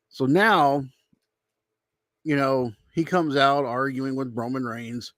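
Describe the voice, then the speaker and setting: A man's voice: mid-range voice, unhurried, a bit bright, dry recording, studio quality. A man giving a casual, rambling spoken recap with his opinions, acting out quotes as he tells them. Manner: loose, rambling retelling, acts out quotes. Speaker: YouTube commentator.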